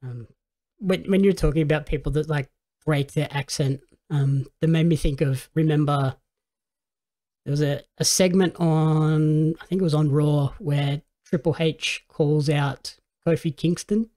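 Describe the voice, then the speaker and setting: A man's voice: a little high, steady tone, unhurried, mellow. A man hosting a casual podcast chat about films and shows, easygoing and quoting his own reactions. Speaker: podcast host.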